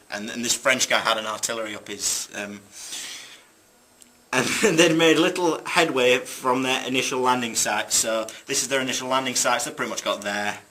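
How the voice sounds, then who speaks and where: A young man talks through a school history project. His voice is bright and forceful, and he is in the middle of the usual range. He stumbles on fillers and drops in dry jokes along the way. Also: medium pitch. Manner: jokey asides, hesitant fillers. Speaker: student presenter. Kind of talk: narrating a school history video.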